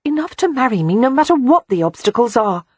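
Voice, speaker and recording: A man voicing a spirited young Regency woman who pleads with urgent earnestness, in a husky, dry audiobook read. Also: very high-pitched, sing-song, a little slow, dry recording, voice pushed up, exaggerated voice. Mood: pleading.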